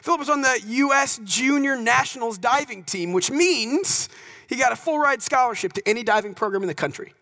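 A man from North Texas speaking to an audience, telling stories in an animated, conversational way and often checking in with "right?". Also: very high-pitched, brisk, low-quality recording. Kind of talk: storytelling talk.

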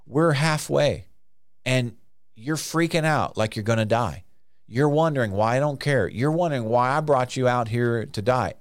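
Male preacher, conversational sermon, sudden high-pitched acted outbursts, dry close recording. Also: normal speed, no room sound.

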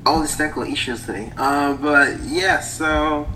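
A man's voice: on the high side, unhurried, bright, forceful tone, a little hiss or hum, rough recording. A man in his thirties from Haiti, a writer guest on a podcast, speaking hesitantly with many ums and laughing easily. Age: 30s. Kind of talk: casual podcast interview.

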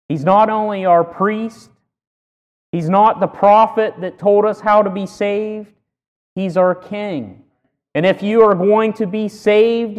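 A man preaching a sermon with earnest emphasis, punching key words loudly between pauses. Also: sits high, in a large hall. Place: church sanctuary.

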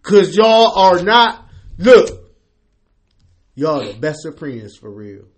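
A man's voice: on the high side, very animated, slow pace. A man in casual chat with a friend who cuts in with short, teasing retorts.

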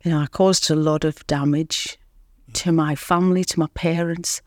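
A woman guest in an interview, telling her recovery story in an earnest, reflective way with pauses. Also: deep voice, fairly even intonation, a little mellow, no room sound, studio quality. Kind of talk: candid interview talk.

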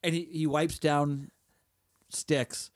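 A man's voice: a little high, flat delivery, slow. Man casually retelling a show. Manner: retells scenes step by step with quoted lines, casual fillers. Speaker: podcast co-host. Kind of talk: casual discussion of a TV episode.

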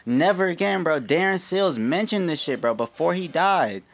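A man's voice: on the high side, expressive, moderate pace. A man co-hosting a casual podcast, talking loosely and profanely with lots of restarts and fillers. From United States. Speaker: podcast co-host. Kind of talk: casual chat.

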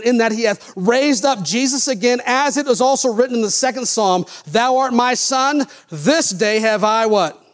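A man pastor preaching a sermon, reading scripture aloud and putting questions to the congregation. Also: sits high. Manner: animated preacher, reads King James scripture, asks the congregation questions.

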